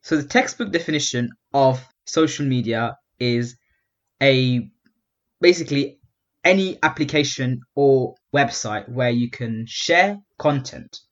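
A man's voice: mid-range voice, lively intonation, a little slow. A young man co-hosting a casual podcast, laid-back and teasing, full of slang. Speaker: podcast co-host. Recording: slightly dull, lo-fi sound.

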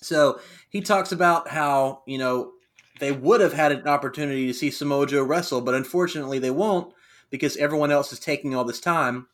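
A young man co-hosting a casual wrestling recap podcast, animated and quick to laugh. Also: fairly high pitch. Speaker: podcast co-host.

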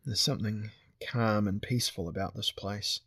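A man's voice: fairly low pitch, steady tone, moderate pace, a bit bright, no echo. A man voicing a wary, gloomy young male archer who speaks earnestly.

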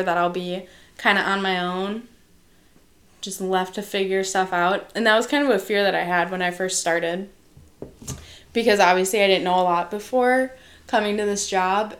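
A young woman from Wisconsin talks in a relaxed, chatty way as she co-hosts a podcast. She is frank and laughs easily. Her voice sits at a middle pitch. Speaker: podcast host, social worker. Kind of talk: casual podcast chat.

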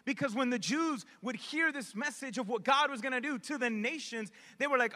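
Male pastor, high bright voice, conversational preaching, long reverb of a hall. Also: moderate pace, hardly any pauses. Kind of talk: sermon.

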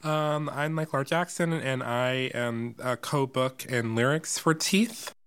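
A man being interviewed on a podcast as a musical theater writer. He talks in a hesitant way, with many filler words. His voice is bright and forward, at a middle pitch. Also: a little slow, smooth.

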